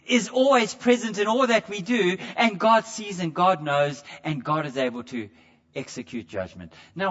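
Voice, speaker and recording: A man's voice: sits high, a bit bright, muffled recording. A man preaching a sermon in a conversational way, stumbling over repeated words and putting questions straight to the congregation. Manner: asks the congregation direct questions.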